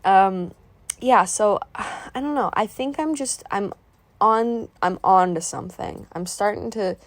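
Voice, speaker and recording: A woman's voice: medium pitch, lively intonation, unhurried, no room sound. Sentimental woman in her twenties, chatty painting voiceover, rambling and self-interrupting, dry close sound. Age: 20s. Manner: openly emotional and sentimental. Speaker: art vlogger narrating a painting video. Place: voice-over recorded apart from the painting footage.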